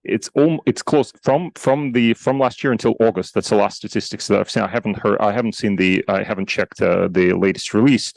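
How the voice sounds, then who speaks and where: A man's voice: on the low side, brisk, gravelly, hardly any pauses, no echo, rough recording. A man speaking on an academic conference panel, talking in a conversational way with frequent restarts and rhetorical questions.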